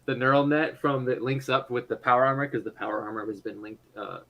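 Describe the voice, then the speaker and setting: A man's voice: medium pitch, fairly even intonation, fast talker, dull audio. A man narrating a tabletop role-playing game as game master, rambling through fillers and restarts and laughing often.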